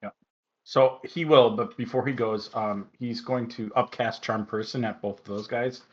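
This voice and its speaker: A man's voice: medium pitch, steady tone, moderate pace. A man playing in an online tabletop game, puzzling over his character's numbers. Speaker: player. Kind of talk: casual tabletop game play. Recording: lo-fi online call audio.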